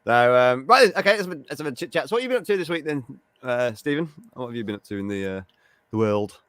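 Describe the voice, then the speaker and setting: Chatty English man with a lively voice. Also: medium pitch, quick pace, dry recording, studio quality. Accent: West Midlands English. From England, West Midlands. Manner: chatty, says mate a lot. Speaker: show host. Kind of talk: casual live-stream chat.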